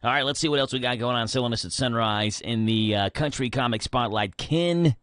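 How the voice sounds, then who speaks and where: A man's voice: mid-range voice, brisk, fairly bright tone, no room sound. A man hosting a live local morning radio show, chatty and joking with listeners from the studio. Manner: chatty, jokey, talks to listeners. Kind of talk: casual radio chat. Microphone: studio microphone.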